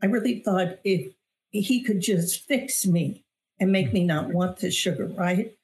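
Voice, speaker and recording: Speaking at a measured pace in a slightly mellow, lowish register, this middle-aged author and weight loss coach appears as an interview show guest. Her personal testimony is earnest and emphatic, with repeated phrases adding weight.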